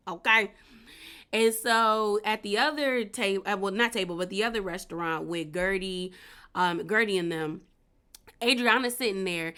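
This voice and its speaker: A woman recapping a reality show in a casual, opinionated way, full of slang and asides. She speaks in with a bright, forward voice at an ordinary pitch for a woman.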